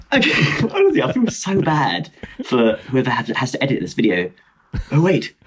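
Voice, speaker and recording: Telling a travel story over a video call as a podcast guest, this young British man in his twenties rambles animatedly, mocks himself and keeps starting his sentences over in casual storytelling chat. His voice is mid-range at normal speed, with background noise.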